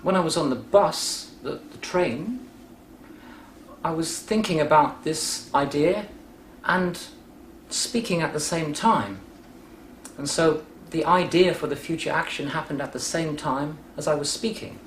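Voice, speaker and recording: A man teaching English grammar by telling a short story, patient, clear and deliberate. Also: fairly high pitch. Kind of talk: explaining grammar through a story. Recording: roomy echo with faint background noise.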